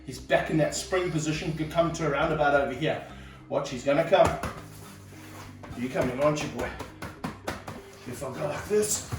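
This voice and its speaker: An energetic man, handling and filming a snake outdoors for his vlog, exclaiming and coaching a helper. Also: a little high, moderate pace, long pauses. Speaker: snake handler and wildlife vlogger. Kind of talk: excited hands-on wildlife vlog. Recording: roomy sound, mic held off at a distance, faint music behind.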